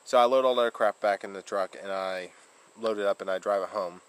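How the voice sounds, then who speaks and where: A man's voice: lowish voice, steady tone, fairly quick, clear, resonant tone, rough recording. A man vlogging casually, rambling through a story with fillers, restarts and laughs.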